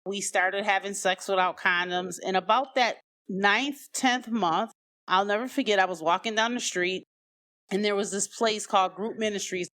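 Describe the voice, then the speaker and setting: A woman telling her own life story casually, full of "you know" and "like," raising her pitch sharply when she quotes people. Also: normal speed. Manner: conversational, many "you know" and "like" fillers; acts out quoted voices with sharp rises in pitch. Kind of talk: personal storytelling.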